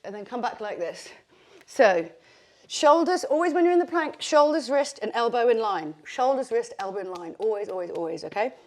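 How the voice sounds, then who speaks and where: A woman's voice: on the high side, big pitch swings, normal speed, a little mellow. A woman leading a bodyweight workout, chatty and encouraging, out of breath as she exercises. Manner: chatty, encouraging, with fillers like "like" and "okay". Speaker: fitness instructor. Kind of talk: workout instruction.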